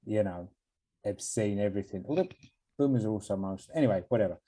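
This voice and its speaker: A young man with a mellow, dark voice co-hosting a podcast. He talks in a laid-back, casual way and hands out blunt advice with the odd swear word. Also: lowish voice, fast, poor audio. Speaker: podcast co-host. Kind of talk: casual chat.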